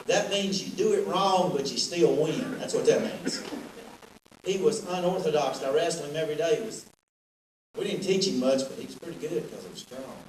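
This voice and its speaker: Middle-aged man, raised pitch, joking roast anecdotes; distant echoey hall, noisy. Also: a little mellow. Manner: joking storyteller, rambling anecdotes. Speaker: athletic director. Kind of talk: roast speech. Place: large banquet hall.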